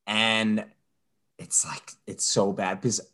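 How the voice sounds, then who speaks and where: A man co-hosting a podcast, telling a story with lively asides and mocking impressions of people. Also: slow. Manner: animated storyteller, mimics people in high voices. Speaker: podcast co-host. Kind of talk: casual chat.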